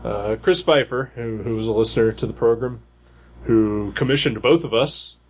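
A man's voice: medium pitch, moderate pace. A man co-hosting a casual podcast chat, rambling with many fillers and restarts. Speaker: podcast co-host.

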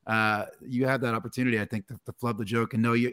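Fast-talking male host, dry sound. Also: mid-range voice, little pitch movement, fairly bright tone, clear, resonant tone, no room sound. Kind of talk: casual chat.

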